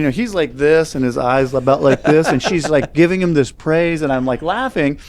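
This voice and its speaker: A man's voice: on the high side, a little fast, few pauses, darkish tone. A man speaking as a guest, telling a personal story in an earnest, reflective way. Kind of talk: storytelling in conversation.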